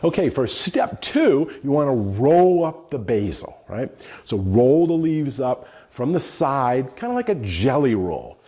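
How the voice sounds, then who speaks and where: A man's voice: medium pitch, sing-song, unhurried, warm tone, breathy edge. A middle-aged man giving a cooking demonstration lesson, explaining each step as he works with his hands. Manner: explanatory, talks through each step while working. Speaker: culinary instructor.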